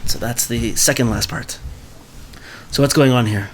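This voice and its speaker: A man's voice: medium pitch, moderate pace, slight background noise. A man leading a book club, reading a story aloud and explaining it conversationally, often checking in with his listeners.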